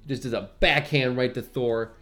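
A man recaps a film on a podcast with lively energy. He slips into quoted lines and laughs often as he goes. His pitch sits in the middle, with faint music under the talk. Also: moderate pace. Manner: animated retelling, laughs often, acts out quotes. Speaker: podcast co-host. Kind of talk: casual movie recap chat.

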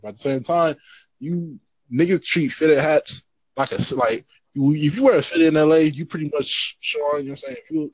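A man's voice: medium pitch, no room sound, rough recording. Rambling laid-back man, dry close sound. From Los Angeles area. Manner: rambling, many fillers, laughs off his points. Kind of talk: casual chat.

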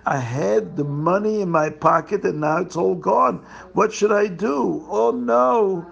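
Brief: a man as a panicked father of the bride, higher voice, gravelly, wailing. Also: a little slow, fairly bright tone, muffled recording, exaggerated voice. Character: distraught father of the bride, middle-aged man.

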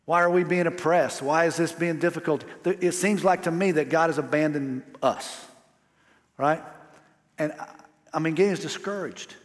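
A man's voice: a little high, normal speed. A man pastor preaching a sermon in a casual, emphatic way with slangy asides. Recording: long hall reverb.

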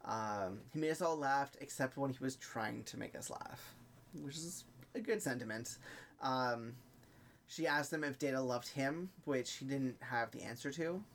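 Man, podcast co-host, plot recap, halting with fillers, mid-range pitch, faint noise behind. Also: a bit bright. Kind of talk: casual chat recapping a TV episode.

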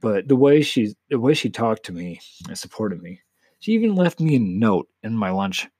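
A man's voice: on the low side, sing-song, normal speed, a little mellow, breathy edge, dry recording. An eighteen-year-old man hosting a casual solo podcast, talking candidly and emotionally in a rambling way with frequent swearing. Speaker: podcast host.

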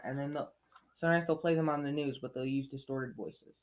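A man's voice: medium pitch, a little fast, poor audio. A man reading a novel aloud in a casual way, stumbling, correcting himself and breaking off into chatty asides. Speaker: reader.

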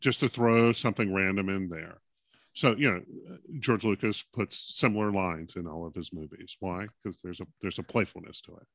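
A man's voice: deep voice, normal speed, fairly bright tone, no room sound. A man who is a book club regular, chatting in a joking, wry way. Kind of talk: casual book club chat.

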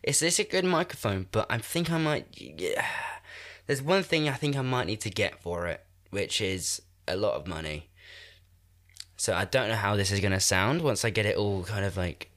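A man's voice: on the low side, expressive, moderate pace, a bit bright. Congested young man, rambling. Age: 20s. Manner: rambling, self-deprecating, laughs often. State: congested, nasal from a cold. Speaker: podcast host. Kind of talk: casual chat. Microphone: new podcast microphone.

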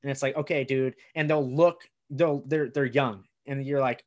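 A man's voice: mid-range voice, fairly even intonation, fairly quick. A young man, a comedian, telling stories casually on a podcast, rambling with many "like"s and acted-out quotes. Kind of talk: casual chat.

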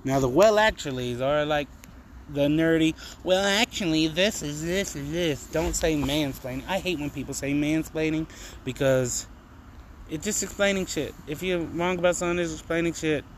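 A man ranting through a solo comedy podcast, profane and meandering and loaded with fillers. His voice sits somewhat high for a man, and there is a faint hiss of noise behind it. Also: moderate pace, poor audio. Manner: profane, rambling, frequent fillers. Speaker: podcast host. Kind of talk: casual comedic monologue.

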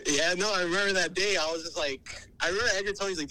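A man's voice: high voice, very fast, sharp tone, slight background noise, low-quality recording. A man, calling in to a podcast and rambling through a story with many fillers. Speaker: caller. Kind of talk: casual phone-in chat.

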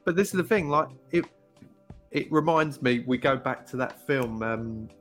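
Brief: man, casual podcast co-host, lively storyteller, middle-pitched voice, faint music behind. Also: normal speed. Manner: storytelling, acts out quoted voices. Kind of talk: casual chat.

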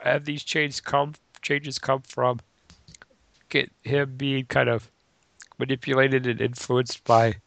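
A man with a gravelly, fry-laden voice chatting on a podcast. He sounds relaxed and agreeable, working through his thoughts aloud. The recording is dry and close. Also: medium pitch, slow, no echo. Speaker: podcast co-host. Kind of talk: casual chat.

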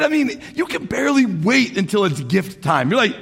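A man in his forties preaching a sermon as pastor, animated, swinging from shouts to hushed asides. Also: high-pitched, normal speed, creaky, hardly any pauses, husky. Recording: echoey hall.

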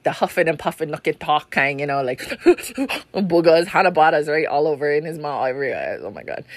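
Hosting a podcast, a woman tells a story casually, talking freely, swearing, laughing often and saying "you know" a lot. Her voice sits low and is a bit bright, with no room sound.

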